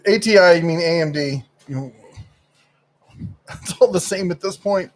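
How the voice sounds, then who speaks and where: A man's voice: on the high side, normal speed. A middle-aged man co-hosting a casual live stream, who rambles and often gropes for words with fillers.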